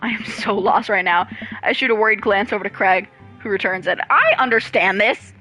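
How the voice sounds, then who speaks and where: A woman's voice: medium pitch, fairly even intonation, fairly quick, sharp tone, faint music behind, low-quality recording. A woman casually reading a visual novel game aloud, chatty, reacting, swearing and laughing along. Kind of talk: casual let's play narration with reactions.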